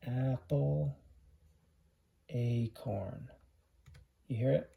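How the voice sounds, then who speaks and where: Slow deliberate pronunciation teacher, gravelly. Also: mid-range voice, dark tone. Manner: slow and deliberate, repeating words to contrast sounds. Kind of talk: slow phonics lesson with drawn-out example words.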